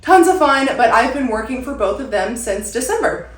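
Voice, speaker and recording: A young woman with a slightly high voice talks casually to her camera, rambling from one thing to the next and leaning on "like" as she goes. She is at home, and the room adds a noticeable echo to her voice. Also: expressive, moderate pace. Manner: chatty, rambling, lots of "like" fillers. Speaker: content creator. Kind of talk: casual vlog chat. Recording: roomy echo.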